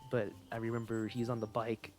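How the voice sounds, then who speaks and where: A young man talks through a game livestream in a loose, rambling way, restarting sentences as his thoughts wander. His voice sits at an ordinary middle pitch. Faint music plays underneath. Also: monotone, brisk. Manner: rambling, chatty, self-correcting. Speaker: game streamer. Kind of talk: casual livestream commentary.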